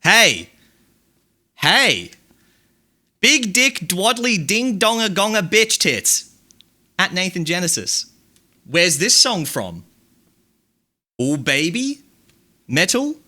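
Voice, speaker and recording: A man's voice: sits high, sing-song, slow pace, pauses often, sharp tone, pitched above the performer's own voice, heavily acted. A man doing an impression of a brash, hyped-up male streamer who fires off crude, jumpy chatter.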